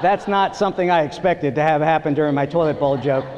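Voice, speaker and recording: High-voiced man doing stand-up in a theater. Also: quick pace, lo-fi sound, very noisy. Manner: storytelling, acts out voices with big pitch jumps. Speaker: stand-up comedian. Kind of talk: stand-up comedy set. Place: theater stage before a live audience. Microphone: stage microphone. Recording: live theater recording with long reverb.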